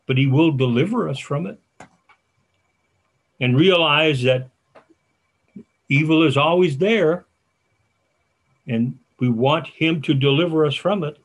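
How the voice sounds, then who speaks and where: An older man preaching a sermon as a church elder, folksy and halting, with restarts and asides. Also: medium pitch, a bit bright.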